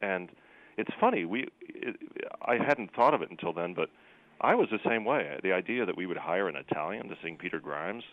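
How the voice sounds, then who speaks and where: A man's voice: low-pitched, sing-song, brisk, no room sound, phone-quality sound. A man who sings opera, talking in a rambling conversational way with many fillers and restarts. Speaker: opera singer. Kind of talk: casual conversation.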